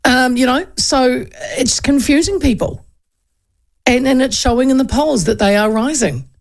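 A woman's voice: high-pitched, lively intonation, normal speed, creaky. A woman in her fifties with a New Zealand accent, hosting a talk radio show in a chatty, digressive way. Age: 50s.

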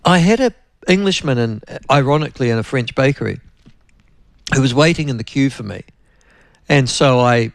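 Gravelly New Zealand radio host. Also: male voice, medium pitch, dry recording. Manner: chatty, anecdotal, addresses co-host often. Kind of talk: rambling radio talk-show chat.

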